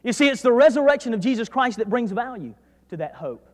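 A man with a North Georgia accent preaching a sermon as pastor, dropping to quiet asides and then rising to loud, emphatic declarations. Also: extremely high pitch, animated, fast talker. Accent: North Georgia Southern US. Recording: preached in a reverberant hall.

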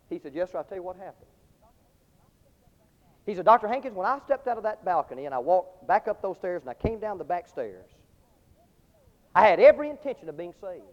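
A man preaching with fiery passion, his high voice leaping wildly between loud peaks and quiet, hushed moments. The sound is dull and lo-fi, with long reverb from a large hall. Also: very animated, fairly quick, pauses often. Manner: impassioned storytelling, swinging from shouts to hushed tones. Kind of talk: sermon.

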